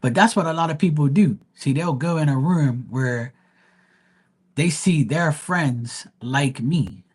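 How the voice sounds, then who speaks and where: A man's voice: fairly high pitch, measured pace, breathy edge. A man reading tarot live, telling a story in a blunt, heated rant and cursing freely. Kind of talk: ranting livestream monologue.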